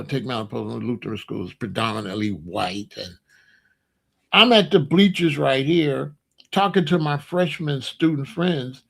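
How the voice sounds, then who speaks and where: A man's voice: fairly high pitch, gravelly. A middle-aged man hosting his own commentary channel, talking in a casual opinion monologue and telling stories with sound effects and mock voices.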